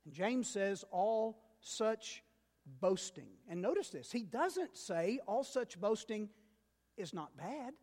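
Emphatic high-voiced male preacher. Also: sing-song, slow pace, big-room sound. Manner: emphatic, repeats key words, builds then drops quiet. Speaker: pastor. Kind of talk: sermon.

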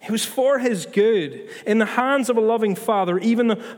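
Guy preaching, chatty and earnest, bit high, big echoey church. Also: a little mellow. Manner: earnest, conversational preaching with restarts and asides. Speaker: pastor. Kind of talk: sermon. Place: church hall. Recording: long hall reverb.

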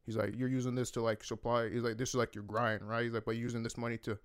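A young man tells a rambling, slang-heavy story on a podcast and swears freely. He talks fast in a smooth, clear voice. The recording is dry and close. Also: medium pitch, little pitch movement, dry recording. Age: young adult. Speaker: podcast co-host. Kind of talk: casual storytelling chat.

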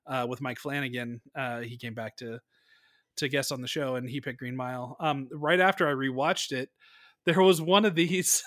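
A man co-hosting a podcast, talking films casually, rambling and animated, swearing freely. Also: medium pitch, moderate pace, no room sound, studio quality. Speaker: podcast co-host. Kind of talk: casual film discussion.

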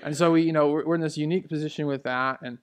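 A man in his thirties preaching a sermon in a church, telling personal stories in a conversational way, dropping to hushed asides and rising for emphasis. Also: a little high, steady tone, very fast. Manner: conversational, storytelling, swings between hushed asides and raised emphasis. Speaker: pastor. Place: church sanctuary. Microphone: handheld or stage mic.

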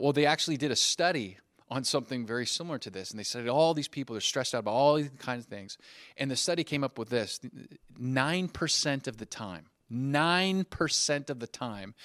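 A male pastor preaching a sermon in a church, telling stories with lively acted-out dialogue. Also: mid-range voice, no room sound, studio quality. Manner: animated storyteller who acts out dialogue.

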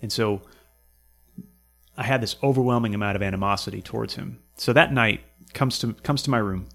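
A man's voice: on the low side, fairly quick, creaky, a bit bright, soft background music. A Canadian man telling long, rambling stories in casual chat, swearing often and repeating words while he searches for them.

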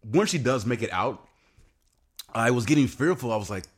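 A man co-hosting a podcast, chatting casually and getting animated and excited, with some swearing. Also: medium pitch, moderate pace. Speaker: podcast co-host. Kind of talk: casual chat.

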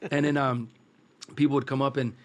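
A man from East Los Angeles tells long, relaxed stories about cooking, his voice sitting at an ordinary middle pitch. He rambles comfortably from one anecdote to the next and acts out the quoted dialogue. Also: fairly quick. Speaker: guest, food truck cook. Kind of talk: casual storytelling.

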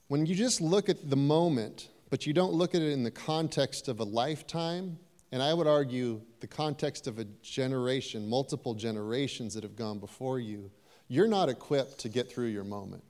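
A man's voice: medium pitch, darkish tone, in a large hall. A man preaching a sermon in a church, talking conversationally and turning to the congregation now and then. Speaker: pastor. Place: church sanctuary.

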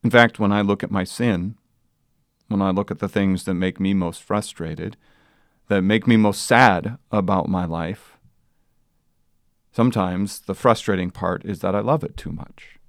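A man preaching a sermon as pastor, earnest and plain, building to loud emphatic passages. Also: sits low, unhurried, no echo, clean studio sound. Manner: earnest preaching, rising to loud sung quotes.

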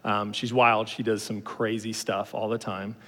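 A man's voice: on the low side, flat delivery, measured pace, pushed and bright. A man in his thirties giving a sermon in a casual, conversational storytelling manner with frequent fillers. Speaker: pastor. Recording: long hall reverb.

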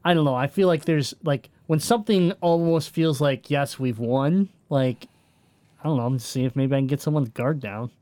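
A man's voice: fairly high pitch, brisk, mellow, no room sound. Hesitant man thinking aloud. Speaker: player. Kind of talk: casual tabletop game chat.

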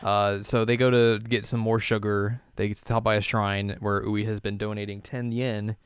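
A man with a low, smooth and resonant voice recaps a show in a loose, rambling way, correcting himself often. The sound is dry and close to the mic. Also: flat delivery, moderate pace, dry recording. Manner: rambling, chuckling, self-correcting. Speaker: podcast host. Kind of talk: casual anime recap chat.

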